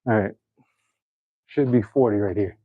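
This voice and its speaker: A man's voice: on the low side, measured pace, no room sound, narrow, tinny audio. A man chatting casually to viewers while he works out at home, joking, laughing often and counting his reps aloud. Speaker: fitness vlogger. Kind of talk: casual chat during a workout.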